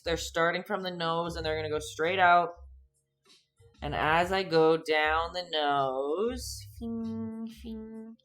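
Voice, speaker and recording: Brief: young woman, low voice, playful live-stream painting teacher, chatty with her viewers. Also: a bit bright. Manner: chatty and playful, reads out chat, giggles often.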